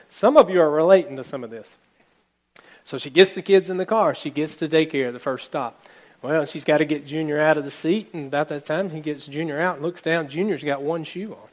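A man's voice: a little high, brisk. A male pastor preaching a sermon, telling a story and acting out the characters' lines while speaking to his congregation. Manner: animated, acts out characters' lines, addresses congregation.

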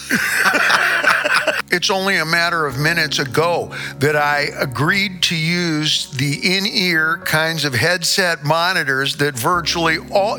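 A man from Indiana rambles through a comic monologue on a live stage, circling back and repeating himself with playful asides. His voice sits a little high and sounds bright and forceful. Faint music plays underneath. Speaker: singer performing on stage.

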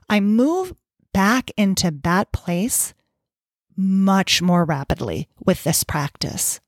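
A woman's voice: mid-range voice, lively intonation, slow, dry recording, clean studio sound. A woman coach talking casually and playfully, acting out her inner thoughts in little voices as she explains a practice to listeners. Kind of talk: casual podcast talk.

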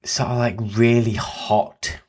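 A woman's voice: extremely low pitch, fairly even intonation, slow, darkish tone. A British woman co-hosting a casual chat, playful and teasing with big reactions. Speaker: podcast co-host.

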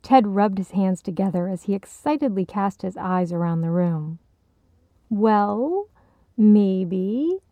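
Gravelly woman narrating a story. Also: lowish voice, moderate pace, hardly any pauses, dark tone, dry recording. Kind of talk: audiobook narration.

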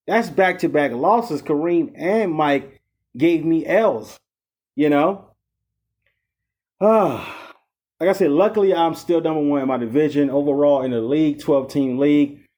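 A man's voice: fairly high pitch, animated, normal speed, darkish tone. A man hosting his own fantasy sports talk show, speaking casually and venting about losses, with many fillers and "okay?" checks. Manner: frustrated, repetitive "okay?" and "you know" fillers. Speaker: podcast host.

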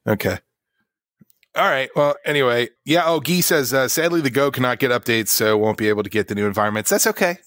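A man's voice: medium pitch, expressive, fast talker, a bit bright, no room sound. A man hosting a casual tech show from a studio, rambling and joking at his own expense, often stumbling over his words. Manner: rambling, self-deprecating, stumbles and restarts. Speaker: show host.

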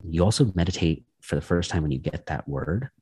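A man guest on a podcast, talking in a relaxed, rambling way with lots of "like" fillers. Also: sits low, brisk, slightly rough, no echo. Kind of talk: casual conversation.

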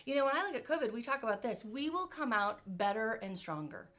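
A woman giving an energetic motivational talk on leadership, firing off rhetorical questions. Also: on the high side, brisk. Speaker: motivational speaker. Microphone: virtual event talk.

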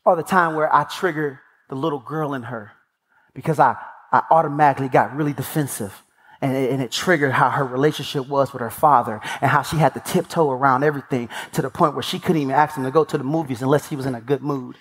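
A man's voice: mid-range voice, fairly even intonation, quick pace, fairly bright tone, breathy edge. A man giving a sermon as a guest speaker, telling stories with animation and acting out the voices of people he quotes, in an emphatic preaching cadence. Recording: long church hall reverb.

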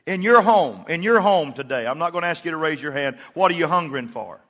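A middle-aged man delivers a sermon in a church, weaving folksy stories into his preaching. His voice sits a little high and has a bright, forceful edge. A long reverb from the hall trails behind every phrase. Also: expressive, quick pace. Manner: folksy storytelling with acted-out quotes. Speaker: pastor.

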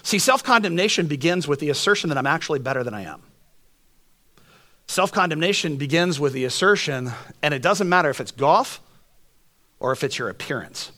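In this sermon, a male pastor tells stories in a lively, joking manner, then quickly drops into soft, earnest tones.

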